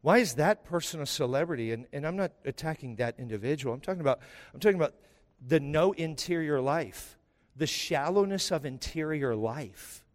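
A man's voice: on the high side, lively intonation, moderate pace, in a large hall. A man preaching a sermon as pastor, emphatic and impassioned, firing rhetorical questions at the congregation. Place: church sanctuary.

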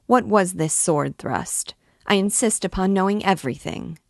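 A woman's voice: mid-range voice, expressive, moderate pace, creaky, no room sound, clean studio sound, voice pushed up. A woman reading aloud as an anxious young noblewoman in love who presses with pleading questions.

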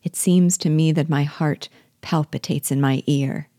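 A woman's voice: sits low, steady tone, unhurried, warm tone, dry recording, clean studio sound. A woman reading the verses of a mysterious man, an exiled former king, in a plaintive, sorrowful way. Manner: plaintive, sorrowful, growing menacing.

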